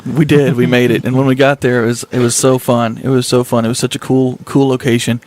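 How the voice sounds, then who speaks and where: Laughing, animated male storyteller. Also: medium pitch, a little fast. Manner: animated storyteller, laughs often, acts out quotes. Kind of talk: casual group chat, storytelling.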